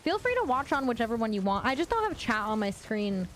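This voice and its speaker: A woman's voice: a little high, sing-song, quick pace, a bit bright, slight background noise. Rambling woman streamer, casual and sweary. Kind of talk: casual gaming livestream chat.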